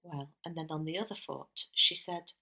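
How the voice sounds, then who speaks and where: A middle-aged woman co-hosting a podcast, chatting casually and telling stories with a quick laugh. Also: deep voice, fairly even intonation, vocal fry, sharp tone. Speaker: podcast co-host. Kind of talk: casual chat.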